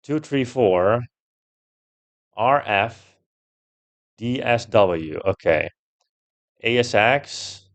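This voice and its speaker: A young man commenting while he plays a puzzle game, thinking out loud, swearing often and getting loudly frustrated. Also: mid-range voice, animated, very slow, pauses often. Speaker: gameplay streamer.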